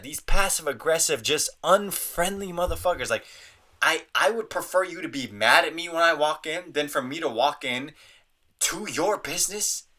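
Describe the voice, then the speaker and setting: A young man hosting a podcast, ranting in a profane, animated, comedic way and slipping into mocking voices. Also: on the high side. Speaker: podcast host. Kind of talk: casual comedic rant.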